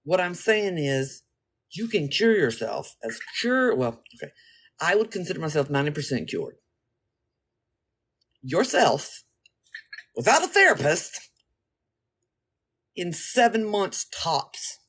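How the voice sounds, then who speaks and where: A woman vlogger telling a story in a casual monologue, blunt, profane and animated. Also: lowish voice, slow, pauses often, husky.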